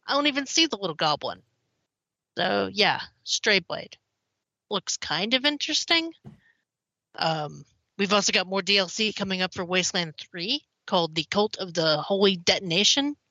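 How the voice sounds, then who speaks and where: A woman's voice: medium pitch, very animated, moderate pace, pushed and bright, no echo, dull audio. A woman co-hosting a games podcast, reading news in a casual, chatty way and drifting off topic easily. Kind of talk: casual chat.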